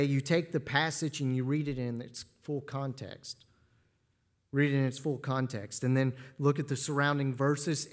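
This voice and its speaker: Male pastor, mid-pitched, earnest sermon delivery with restarts. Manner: earnest, repeats words when starting phrases.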